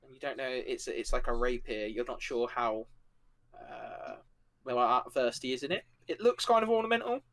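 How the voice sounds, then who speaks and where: A man's voice: mid-range voice, lively intonation, moderate pace, a bit bright. A man narrating a tabletop game as game master, loose and full of fillers.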